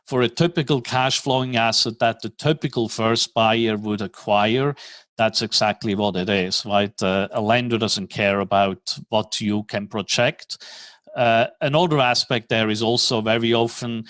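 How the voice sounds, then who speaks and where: A man's voice: lowish voice, unhurried, fairly bright tone, no room sound, rough recording. Man, middle-aged, from switzerland, podcast guest, explanatory, dry recording. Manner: explanatory, many "right?" tags and fillers. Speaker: guest, commercial lender. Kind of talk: podcast interview.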